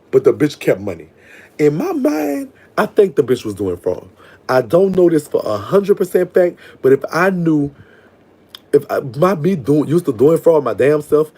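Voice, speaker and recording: A man's voice: mid-range voice, mellow, breathy edge. A man telling a long story in a sassy, digressive, profane way. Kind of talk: casual storytime monologue.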